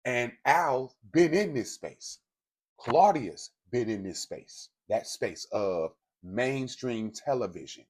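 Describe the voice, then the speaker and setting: A man's voice: medium pitch, animated, slow pace, a little mellow. A man telling a gossip story straight to his viewers, in a casual, blunt and profane way. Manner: speaks directly to viewers. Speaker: commentary host. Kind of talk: casual celebrity gossip commentary.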